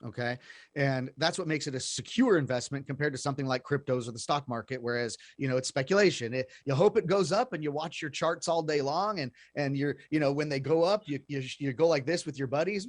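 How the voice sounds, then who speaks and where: Man, talk-show host, chatty, repeats himself, higher voice, dry close sound. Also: fairly quick, dry recording. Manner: chatty, repeats words, addresses folks. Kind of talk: explaining investing to listeners.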